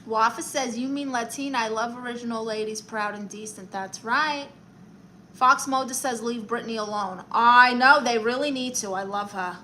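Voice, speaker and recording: A woman with a New York accent chats her way through a livestream like a sassy, theatrical aunt. Her voice rides a little high and rings bright and forward. She reads out viewer comments and calls everyone honey. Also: moderate pace, slight background noise. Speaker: livestream host giving advice. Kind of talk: casual livestream chat reading comments.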